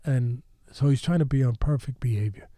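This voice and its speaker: Dark-voiced older man telling stories. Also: medium pitch, a little fast, no echo, studio quality. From New York. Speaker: boxing trainer, podcast guest. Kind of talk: animated storytelling.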